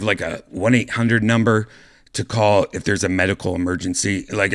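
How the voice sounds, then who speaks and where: A man's voice: fairly low pitch, fairly bright tone. A man hosting a podcast, telling a story in a loose, rambling way, with lots of swearing, fillers and restarts. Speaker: podcast host. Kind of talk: casual storytelling monologue.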